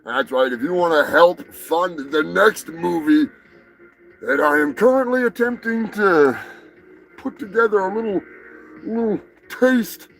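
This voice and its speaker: A man hosting a live show, ranting crudely and swearing constantly, with bursts of shouting. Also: high-pitched, a little slow, vocal fry. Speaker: show host. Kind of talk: profane live-stream rant.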